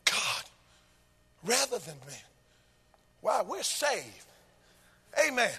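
A man a sermon in a rhythmic, sung cadence that swells into shouted chanting. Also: extremely high pitch, sing-song, slow, vocal fry, pauses often, slightly rough, long reverb tail. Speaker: preacher.

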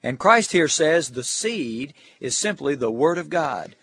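A man's voice: fairly high pitch, lively intonation, unhurried, fairly bright tone, breathy edge, dry recording. A man giving a Bible lesson preview for Sunday school teachers, earnest, reading scripture aloud in old King James English.

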